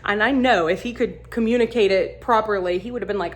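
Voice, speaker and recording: A woman casually telling a funny travel story, animated and laughing as she acts out what people said. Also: medium pitch, fast talker. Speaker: vlogger.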